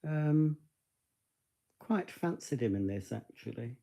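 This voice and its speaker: A man's voice: medium pitch, expressive, slow pace, creaky, mellow. A man chatting casually on a live stream from home, rambling and talking to his dog in between.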